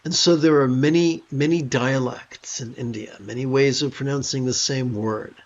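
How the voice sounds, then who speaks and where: Man, meditation teacher, gravelly voice, calm and thoughtful, dull lo-fi livestream audio. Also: mid-range voice. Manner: calm, thoughtful, pauses to rephrase. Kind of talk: livestream dharma talk. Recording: dull lo-fi sound.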